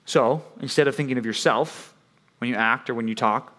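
A man's voice: mid-range voice, normal speed, bright, forceful tone. A man preaching to young people in a conversational way, often asking "right?" and acting out the voices he quotes. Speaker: youth preacher.

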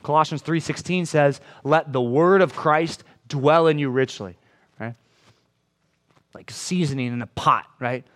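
A man preaching a sermon in a room full of people, with a voice that sits a little high for a man. He talks in a casual, conversational way, keeps asking "right?", and acts out quotes in different voices. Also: a little slow. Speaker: pastor. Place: room with a congregation.

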